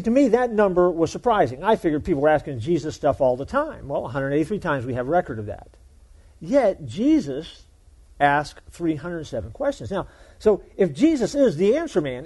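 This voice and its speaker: A man's voice: sits high, very animated, a little fast, darkish tone, husky. A male pastor giving a sermon in a conversational, folksy way, joking with the congregation.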